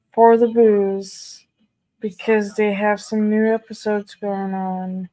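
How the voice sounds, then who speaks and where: A woman's voice: mid-range voice, flat delivery, slow, mellow, no room sound, low-quality recording. A young woman chatting casually on a live stream, swearing constantly and exclaiming in disbelief.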